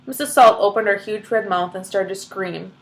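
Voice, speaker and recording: A woman's voice: medium pitch, moderate pace. A woman reading a children's book aloud, stopping for chatty explanations. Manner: chatty asides full of "like".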